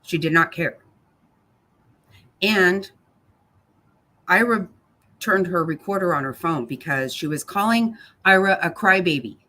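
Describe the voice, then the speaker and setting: On a casual livestream, a woman reads her chat and answers viewers by name, blunt, angry and swearing freely. Her voice is fairly low with lively intonation and a sharp tone, and she speaks unhurriedly with frequent pauses.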